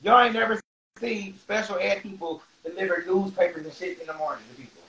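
A man's voice: high voice, fairly quick, gravelly, bright, forceful tone, rough recording. A man chatting casually on a livestream, laughing often and reading viewer comments aloud in a loose, rambling, profane way.

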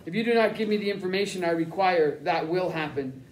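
A man voicing a stern, menacing German-speaking interrogator in an audiobook, with clipped, crisp speech. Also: high voice, a little fast, reverberant, lightly acted, poor audio. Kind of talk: audiobook character reading.

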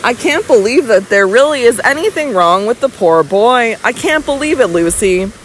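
A woman voicing an older baronet who speaks gravely and fondly to his wife. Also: on the high side, expressive, moderate pace, slight background noise, lightly acted, low-quality recording. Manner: grave, affectionate, bewildered. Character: older male baronet, kindly, bewildered, fond husband.

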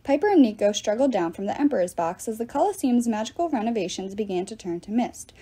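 Audiobook reader: woman, expressive, slightly high, breathy. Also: fast. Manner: lively, expressive narration. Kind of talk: reading a novel aloud.

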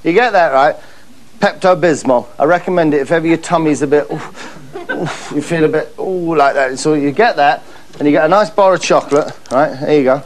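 A man's voice: on the high side, a little fast. A man hosting a comedy show, delivering a mock-pompous monologue in a camp, gushing way. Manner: camp, gushing, repeats "that's lovely". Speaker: comedy host.

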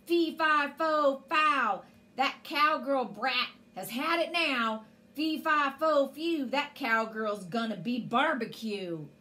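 A woman's voice: high voice, animated, takes it slowly, pushed and bright, exaggerated voice. A woman voicing a huge, mean, hungry male giant who thunders out rhyming chants in a storybook. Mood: menacing.

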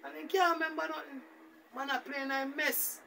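A man's voice: extremely high pitch, brisk, gravelly, far from the mic, a little hiss or hum. A man with a Jamaican Patois accent rambling through a casual, repetitive story as a vlogger. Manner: rambling, repetitive, animated retelling.

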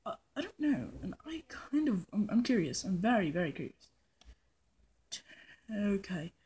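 A woman with a slightly husky, breathy voice chats through a game in a put-on British accent. Her pitch sits in an ordinary middle range. She rambles playfully and laughs at her own mistakes. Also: sing-song, a little fast, mellow. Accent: put-on British persona. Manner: playful, rambling, self-mocking, drifts into hummed nonsense. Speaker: gaming channel host. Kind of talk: casual let's-play commentary. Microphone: phone recording.

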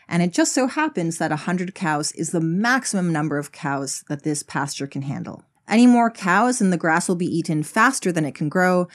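A woman narrating an explanatory video essay, telling a story in a wry, conversational way. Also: lowish voice.

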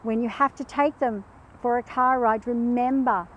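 A woman chatting as a pet behaviour guest, telling animated anecdotes and acting out the quotes in them. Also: on the high side, moderate pace, highs cut off, slight background noise. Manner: animated storyteller who acts out quotes. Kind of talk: casual chat with anecdotes.

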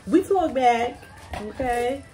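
Woman co-host, casual mukbang chat, lively and talkative, home recording with room noise. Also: high-pitched, takes it slowly. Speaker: co-host of a food vlog channel. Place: at home, indoors.

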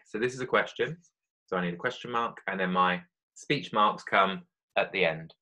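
A man's voice: low voice, moderate pace, pushed and bright. Male teacher explaining steps. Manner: friendly, explanatory, talks children through each step. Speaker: primary school teacher. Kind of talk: online literacy lesson.

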